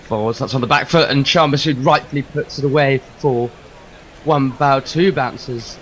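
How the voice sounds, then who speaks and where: A man from England giving chatty, lively ball-by-ball cricket commentary. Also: mid-range voice, normal speed. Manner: chatty and lively, calling play.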